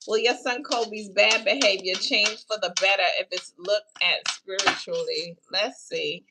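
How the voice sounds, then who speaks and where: A woman's voice: mid-range voice, a little slow, heavy background noise. A woman giving a casual live-stream tarot reading, who chats unhurriedly with viewers and calls them baby and honey. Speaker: tarot reader taking live questions.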